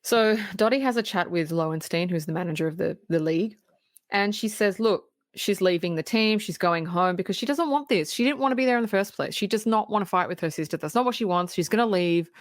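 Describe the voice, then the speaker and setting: A woman co-hosting a podcast, retelling movie scenes in a lively, chatty way. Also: on the low side, a little fast, dry recording, clean studio sound. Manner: animated retelling with laughs and acted quotes. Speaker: podcast co-host. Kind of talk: casual film recap chat.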